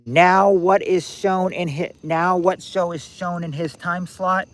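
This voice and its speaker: Man, 60s, streamer host; rambling, restarts, thinks aloud, slightly high voice. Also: steady tone, takes it slowly, a bit bright. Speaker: streamer hosting a game night. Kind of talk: casual live-stream chat.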